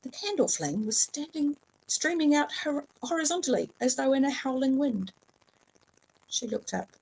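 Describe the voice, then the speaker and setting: Reading a novel aloud at home, a woman tells the story expressively and lively, with the occasional slip and filler. Her high-pitched voice carries vocal fry at a normal speed, and the audio quality is poor.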